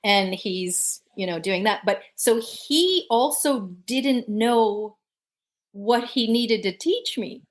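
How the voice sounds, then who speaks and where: Lively, fairly high-voiced woman guest. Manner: lively, laughs often, quick bursts. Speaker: podcast guest. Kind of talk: animated storytelling in conversation.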